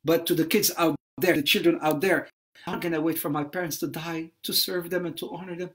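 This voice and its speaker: A man's voice: fairly high pitch, steady tone, fairly quick, a bit bright. A man giving a religious lecture on a livestream, impassioned, repeating phrases for emphasis and mixing in Arabic religious phrases. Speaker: Islamic lecturer.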